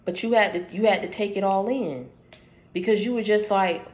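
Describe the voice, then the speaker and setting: A woman's voice: mid-range voice, normal speed, darkish tone. A woman giving an informal prophetic message, preaching in a slangy, conversational storytelling way. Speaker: prophetic speaker.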